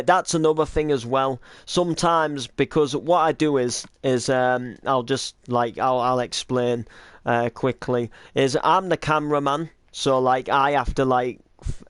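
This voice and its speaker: Man explaining his game roleplay, hesitant, rambling, smooth and dry. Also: medium pitch, dry recording. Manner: rambling, hesitant with many restarts. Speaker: roleplay series creator and cameraman. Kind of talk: casual chat.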